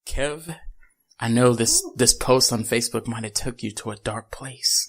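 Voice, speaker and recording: A man co-hosting a casual podcast, talking in an animated way, laughing often and slipping into goofy impressions. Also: medium pitch, unhurried, gravelly. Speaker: podcast co-host.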